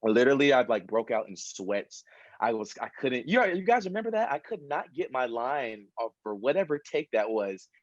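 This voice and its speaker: A man on a panel, chatting in an animated, storytelling way over a video call. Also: mid-range voice, normal speed, no echo, muffled recording. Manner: animated, storytelling, often says "literally". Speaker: actor on a fan convention panel. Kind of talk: casual panel chat.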